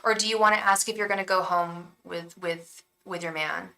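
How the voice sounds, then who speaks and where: Bright-voiced chatty young woman tarot reader. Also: on the low side, steady tone, moderate pace, low-quality recording. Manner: chatty and effusive, lots of ums and restarts; repeats incantations in a hushed voice. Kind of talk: live-stream tarot reading chat.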